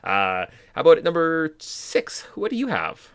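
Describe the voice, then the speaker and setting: A man's voice: on the high side, huge pitch swings, moderate pace, clear, resonant tone, no echo, studio quality. A man co-hosting a casual podcast, rambling through filler words and mock quotes. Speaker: podcast co-host. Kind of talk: casual chat.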